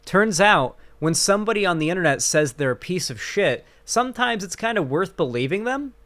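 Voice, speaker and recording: A man's voice: sits high, lively intonation, brisk, fairly bright tone. A man hosting a casual commentary stream, talking in a rambling, sarcastic way with many fillers.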